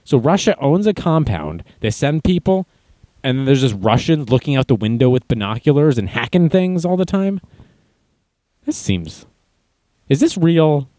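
A man's voice: mid-range voice, very animated, normal speed, mellow, no room sound. A man hosting a casual livestream, reading chat messages and news aloud with sarcastic, mocking asides. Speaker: livestream host.

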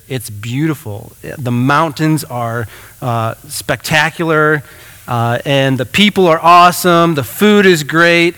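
A man preaches from the pulpit, casual and conversational, his talk full of fillers and restarts. His voice is bright and a little high for a man. The sound carries a long church-hall reverb. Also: clear, resonant tone. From United States. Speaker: pastor. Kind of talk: sermon.

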